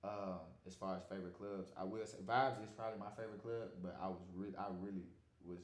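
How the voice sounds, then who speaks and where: A man, a podcast guest telling stories in a relaxed, slangy way. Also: on the low side, fast talker, roomy sound. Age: 20s. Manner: laid-back, slangy storytelling. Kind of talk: casual podcast chat.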